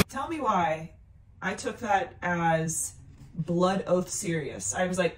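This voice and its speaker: A woman's voice: on the low side, slow. A young woman from North Carolina, a comedian telling a story straight to the camera. She jumps into her relatives' voices as she goes, and music plays under her talk. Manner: animated, acts out voices of family members. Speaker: stand-up comedian and YouTuber. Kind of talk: casual storytelling vlog.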